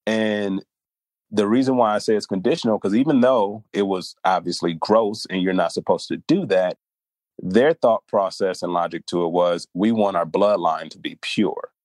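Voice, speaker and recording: A man's voice: low-pitched, moderate pace, a little mellow, no echo. A man co-hosting a podcast in casual chat, easygoing, thinking aloud and laughing often. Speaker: podcast co-host.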